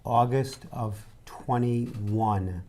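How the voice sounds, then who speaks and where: A man's voice: mid-range voice, extremely slow, dark tone, slight background noise. A man co-hosting a radio talk show, chatting at length as he answers quiz questions. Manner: chatty, rambles about baseball. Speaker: radio co-host. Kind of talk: casual radio chat.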